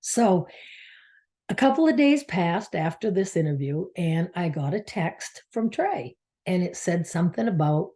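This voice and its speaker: Mellow low-voiced woman telling a story. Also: expressive, measured pace. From Maine, United States. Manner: heartfelt, rambling, drops to a near whisper at times. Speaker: spiritual coach, channel host. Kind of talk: personal storytelling monologue.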